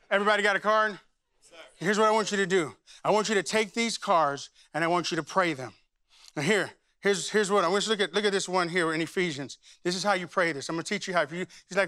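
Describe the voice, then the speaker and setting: A man preaching as senior pastor in a church, with a high, clear voice. He tells stories in a conversational way and then prays aloud with fervor. The sound is dry and close, with no room echo. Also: fast, bright, forceful tone. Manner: conversational storytelling that rises into fervent praying. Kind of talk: sermon with spoken prayer. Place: church sanctuary.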